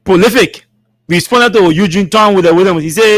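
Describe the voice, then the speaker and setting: High-voiced Liberian man, mocking talk host. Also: moderate pace, fairly bright tone, no echo, clean studio sound. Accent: Liberian English. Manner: mocking, laughs between readings. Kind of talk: reading and commenting on social media posts. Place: studio.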